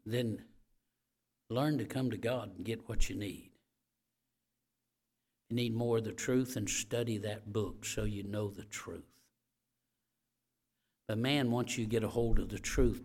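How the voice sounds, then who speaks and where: A preacher delivering a sermon, rising to loud emphatic points and checking in with "all right?" before easing into a quiet closing prayer. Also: male voice, lowish voice, steady tone, a little slow, pauses often, husky.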